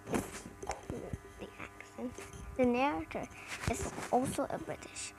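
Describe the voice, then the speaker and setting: Over background music on a rough recording, an American cartoon reviewer chats casually, her high voice a little slow and creaky, with long pauses. She rambles and leans heavily on "like."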